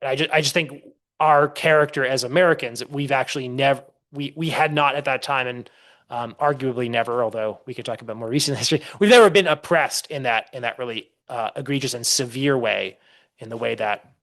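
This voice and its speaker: A man's voice: medium pitch, brisk, a bit bright. Man, historian guest, podcast interview, discursive, storytelling, frequent restarts.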